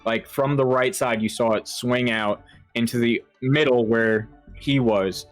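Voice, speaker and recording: A man running a tabletop horror game as game master, talking in a halting way with lots of fillers and restarts. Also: mid-range voice, steady tone, faint music behind.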